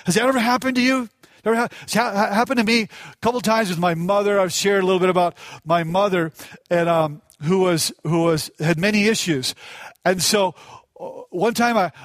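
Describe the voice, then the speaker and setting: A middle-aged male pastor preaching with a high-pitched voice in a dry, close recording. He presses his points with repetition and keeps restarting his phrases as his feeling runs ahead of him. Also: fairly bright tone, dry recording. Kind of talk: sermon.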